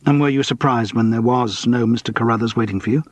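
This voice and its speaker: A man's voice: mid-range voice, fast talker, no room sound, natural voice. A man voicing a careful, probing amateur sleuth. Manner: careful, questioning. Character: middle-aged male actor-sleuth, careful and probing.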